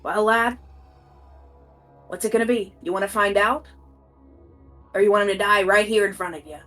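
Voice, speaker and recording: A woman's voice: mid-range voice, steady tone, moderate pace, a bit bright, far from the mic, faint music behind, natural voice. A woman voicing a menacing male pirate captain with a basic put-on pirate accent in a tabletop game.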